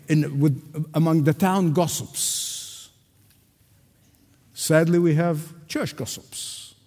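Male pastor, high voice, preaches with emphatic repetition, long hall reverb behind him. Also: a little mellow. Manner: addresses the congregation directly. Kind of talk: sermon. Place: church sanctuary before a congregation.

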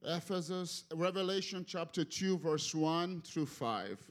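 A man preaches a sermon in a church. He is passionate and animated and often repeats words as he drives a point home. His voice sits somewhat high for a man. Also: unhurried. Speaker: guest preacher. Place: church sanctuary.

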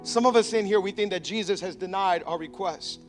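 A male pastor preaching an animated sermon in a church, acting out the characters he describes. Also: high voice, fairly quick, faint music behind. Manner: animated, acts out biblical characters.

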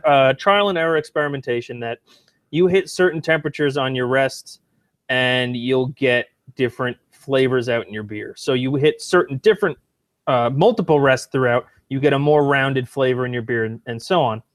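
A man co-hosts a relaxed podcast, laying out technical points in loose sentences full of restarts. His pitch sits mid-range, and the recording is dry and close, with no room sound. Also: normal speed, dry recording. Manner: knowledgeable, talks in loose restarts. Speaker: podcast co-host. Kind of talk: casual chat.

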